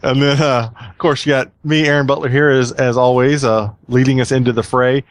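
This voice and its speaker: A man's voice: medium pitch, little pitch movement, fairly quick. A man hosting a casual podcast, rambling and chatty with plenty of fillers. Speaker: podcast host.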